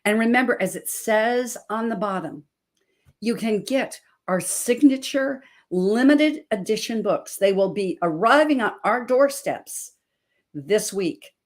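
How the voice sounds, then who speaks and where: A woman's voice: a little high, unhurried. A woman in her sixties from Montana, hosting an inspirational talk show as a health coach, emphatic and preacherly as she tells stories. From Montana, USA. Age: 60s. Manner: emphatic, preacherly, animated storytelling.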